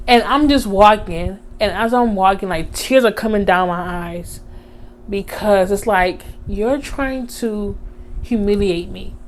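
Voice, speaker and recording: A young woman, telling a storytime on her vlog in casual chat, animated, with many fillers, acting out the voices of others. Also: mid-range voice, measured pace, a little hiss or hum. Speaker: vlogger.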